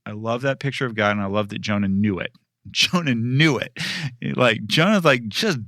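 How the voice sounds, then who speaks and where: Bright-voiced, animated male pastor. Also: medium pitch, moderate pace, dry recording, clean studio sound. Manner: animated, laughs often, acts out quotes. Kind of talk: casual discussion.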